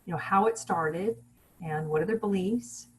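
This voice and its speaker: A woman giving a relaxed online lecture over a video call, explaining things plainly with fillers and restarts. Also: on the low side, moderate pace, a little hiss or hum, poor audio. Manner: casual teaching with fillers and restarts.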